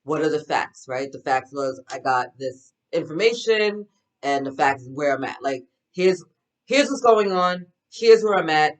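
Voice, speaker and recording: A woman's voice: low-pitched, animated, a little slow, low-quality recording. A woman reading oracle cards, giving a casual spiritual pep talk in an enthusiastic, affirming, chatty way. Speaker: spiritual card reader.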